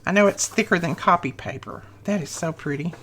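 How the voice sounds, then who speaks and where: A middle-aged woman hosting a crafting channel, gushing over happy mail she unboxes in a slow, lingering way. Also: lowish voice, fairly bright tone, slight background noise. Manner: gushing, effusive.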